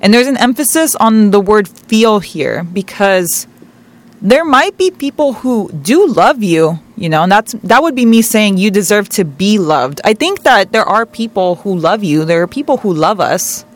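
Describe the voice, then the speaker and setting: A woman hosting a tarot reading show, giving earnest, gentle spiritual advice and repeating words for emphasis. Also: mid-range voice, sing-song, unhurried. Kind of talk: reflective spiritual advice talk.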